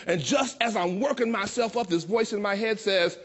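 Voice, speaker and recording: A man in his sixties from Chicago, telling a personal story with a playful, expressive delivery that slows down for emphasis. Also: sits high. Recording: dull lo-fi recording.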